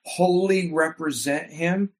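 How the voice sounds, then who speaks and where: A man's voice: fairly high pitch, steady tone, takes it slowly. A man preaching a sermon with fervor and emphatic repetition, calling his congregation by a Hebrew word. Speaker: pastor.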